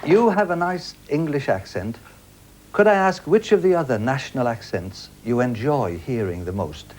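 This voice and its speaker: A man's voice: medium pitch, animated, moderate pace, noisy background. A man hosting a studio game show with a jokey, teasing patter and a studio audience.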